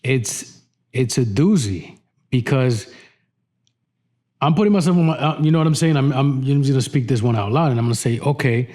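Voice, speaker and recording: Podcast host thinking out loud. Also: male voice, medium pitch, animated, normal speed. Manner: thinks out loud, with many restarts and repeated words. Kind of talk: casual interview chat.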